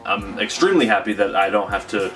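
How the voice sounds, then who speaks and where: A man's voice: fairly low pitch, expressive, quick pace, fairly bright tone, far from the mic. A young man vlogging a sneaker unboxing, chatty and rambling, with emphatic repeats. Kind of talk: casual vlog unboxing. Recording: off-mic with faint music underneath.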